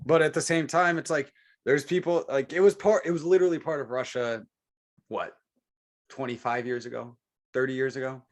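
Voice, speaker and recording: A man's voice: medium pitch, fairly even intonation, a little fast. A man co-hosting a podcast, talking politics in a heated, profane, rambling way. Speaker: podcast co-host. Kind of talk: casual political chat.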